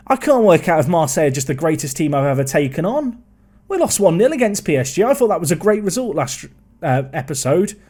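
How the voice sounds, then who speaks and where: A man's voice: fairly high pitch, a little mellow. A man giving rambling, exasperated let's-play commentary while seated at his computer. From England. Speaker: gaming video creator.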